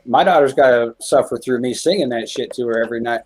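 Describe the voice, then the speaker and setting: Husky-voiced man, joking and swearing. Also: mid-range voice, fast talker, rough recording. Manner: joking, swears freely, laughs often. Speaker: interview guest, music creator. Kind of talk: casual profane podcast chat.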